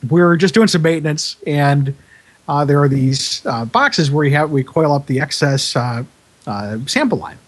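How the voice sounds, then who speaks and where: A man's voice: a little high, expressive, normal speed. Rambling, chuckling man telling stories. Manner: rambling, many fillers and restarts, laughs at own story. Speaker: broadcast engineer guest. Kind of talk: casual storytelling.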